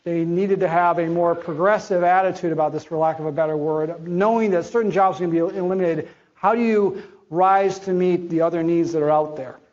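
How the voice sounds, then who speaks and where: A man's voice: fairly high pitch, fairly even intonation, fairly quick, hardly any pauses, a little mellow, highs cut off. A man giving a conference talk as a chief medical officer, blunt and conversational with slangy asides.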